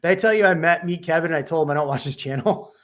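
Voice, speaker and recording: This is a male real estate host talking casually on a podcast, relaxed and prone to jokes. His voice sits a bit higher than most men's. He thinks out loud, breaking off and restarting his sentences as he weighs his advice. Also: fast talker. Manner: laid-back, joking, thinks aloud with frequent restarts.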